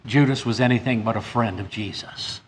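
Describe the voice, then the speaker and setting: Guy preaching a sermon, reads scripture, gets loud and high on the big points, some stumbling restarts. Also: normal speed. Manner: reads scripture aloud, rising emphatically on key points.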